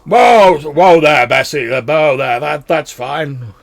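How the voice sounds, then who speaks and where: A man voicing a gruff, hearty male dwarf miner who bellows his words, in a tabletop game. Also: fairly high pitch, slow, pitched above the performer's own voice.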